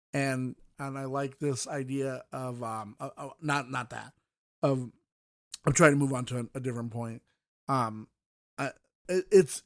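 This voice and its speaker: A man's voice: medium pitch, no echo, studio quality. A man hosting a podcast, reviewing books in casual, rambling talk full of fillers and restarts. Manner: mocking voices when quoting. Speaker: podcast host.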